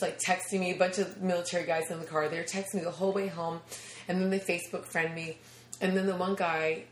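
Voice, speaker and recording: Woman, 30s, comic guest, lively storyteller, slightly low voice, echoey room. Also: a little hiss or hum. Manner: animated, acts out quoted voices, laughs often. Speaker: comedian guest. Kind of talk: casual storytelling chat.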